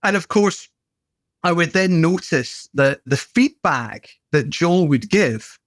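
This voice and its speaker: A man's voice: fairly high pitch, animated, slow pace, dry recording. British gym owner guy, middle aged, chatty and jokey, dry close mic. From Britain. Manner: chatty, good-humoured storyteller. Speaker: gym owner and podcast guest. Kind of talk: casual anecdotal conversation.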